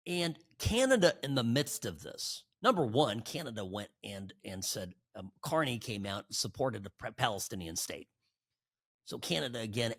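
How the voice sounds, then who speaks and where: A male podcast host giving sarcastic, animated political commentary. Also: mid-range voice, breathy edge.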